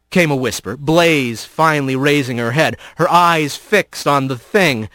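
A man narrating a storybook in an expressive, storytelling way. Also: mid-range voice, moderate pace, hardly any pauses, dry recording. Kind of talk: audiobook narration.

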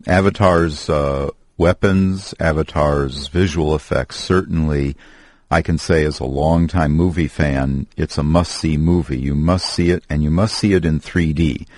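A man hosting a movie review chat in a measured, declarative way. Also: extremely low pitch, fairly even intonation, a little mellow, no room sound, studio quality. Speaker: host.

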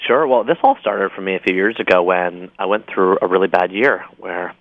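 Low-voiced guy calling in, upbeat and jokey, dull muffled line, very dry. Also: no echo. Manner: upbeat, enthusiastic, quick asides and jokes. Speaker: author guest. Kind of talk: call-in interview.

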